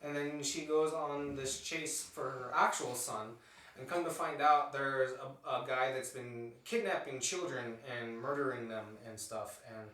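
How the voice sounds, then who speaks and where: A man's voice: mid-range voice, unhurried, fairly bright tone. A young man co-hosting a podcast, chatting casually in a hesitant, profane way. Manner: hesitant, full of ums, profane. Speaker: podcast co-host. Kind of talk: casual chat. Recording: echoey room, distant mic.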